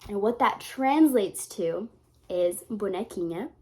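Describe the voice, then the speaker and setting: A woman's voice: mid-range voice, expressive, a little slow, darkish tone. A young woman vlogging in a rambling, casual way, swearing freely and getting emotional. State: tearful at times. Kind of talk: casual vlog talk.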